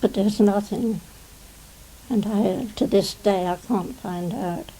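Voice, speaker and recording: An elderly English woman in her nineties talks through old memories for a 1990 television interview. Her voice is dark and mellow with a gravelly edge, and she speaks slowly. She rambles, tucking "you see" into her sentences. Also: medium pitch, low-quality recording. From England. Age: 90s. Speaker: interviewee, retired stage actress. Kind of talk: reminiscing interview.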